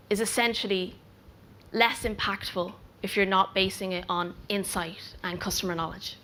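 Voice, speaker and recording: Woman giving a measured conference talk. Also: mid-range voice, fairly bright tone. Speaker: product researcher.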